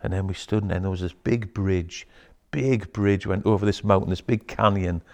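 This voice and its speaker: Male storyteller, very low voice, casual, swears a lot, whispers the quotes. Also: fairly even intonation, normal speed. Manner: swears freely, hushed whispers when quoting others. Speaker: guest telling a personal story.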